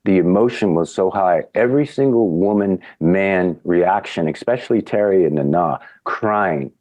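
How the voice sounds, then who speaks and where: A middle-aged man, a podcast guest, tells a casual anecdote, acting out quotes with big jumps in pitch. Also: moderate pace, darkish tone, no echo.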